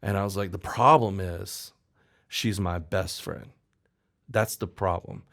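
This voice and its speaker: Lively, low-voiced man telling a story. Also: unhurried. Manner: animated storyteller acting out quoted voices. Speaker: songwriter guest. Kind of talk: casual storytelling chat.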